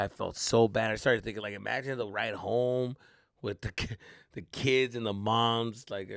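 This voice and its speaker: A young adult man, a comedian hosting his podcast, telling a story in an animated, swearing style and acting out the voices. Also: medium pitch, a little fast, gravelly, no room sound, studio quality.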